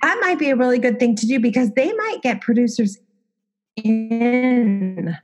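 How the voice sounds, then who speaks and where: A woman's voice: on the high side, lively intonation, measured pace, a little mellow, faint music behind. A middle-aged woman, a designer and former TV host, telling stories in a casual interview in a candid, self-deprecating way.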